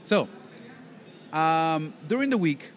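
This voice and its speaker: A man's voice: on the high side, animated, slow pace, slight background noise. Rambling, joking man co-hosting a podcast. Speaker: podcast co-host. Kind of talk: casual podcast chat.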